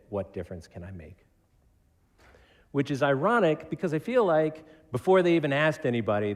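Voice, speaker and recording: A man from Connecticut, a pastor preaching a conversational, joking sermon who acts out quotes. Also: medium pitch. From Connecticut, United States. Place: church. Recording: reverberant church sanctuary.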